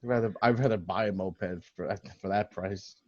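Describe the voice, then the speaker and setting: A man's voice: low-pitched, a little fast, lo-fi sound. A man co-hosting a podcast in casual chat, laid-back and laughing at his own jokes. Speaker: podcast co-host.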